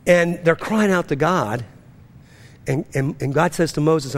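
A man preaching a sermon as pastor to a congregation, swinging between fervent rising lines and hushed, low-key storytelling. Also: a little slow. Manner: preaching with rising intensity and drops to a near-hush. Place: church.

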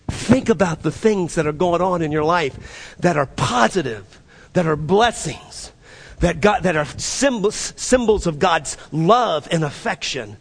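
A male pastor preaching a fervent sermon, reading scripture quickly, then slowing for emphasis and repeating phrases for the congregation. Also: a little high, lively intonation, creaky, husky.

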